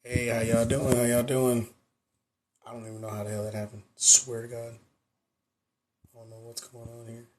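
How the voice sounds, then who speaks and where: A hoarse young man, a nurse and exam coach, chatting loosely on his livestream into a phone and repeating his greetings. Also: medium pitch, flat delivery, moderate pace, long pauses, a little mellow, slight background noise. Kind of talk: casual livestream chat.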